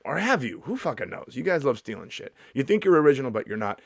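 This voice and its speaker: A man in his fifties riffs through a comedy vlog monologue in a sarcastic, mock-indignant tone, swearing freely along the way. His voice sits at an ordinary middle pitch. The sound is dry and close, with no room echo. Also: sing-song, brisk, gravelly, hardly any pauses. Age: 50s.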